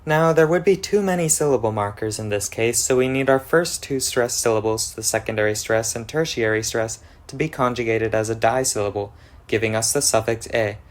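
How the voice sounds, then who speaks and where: A man's voice: mid-range voice, a little fast. A man giving a methodical, scripted explanation of an invented language, going through worked examples step by step. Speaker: conlang presenter.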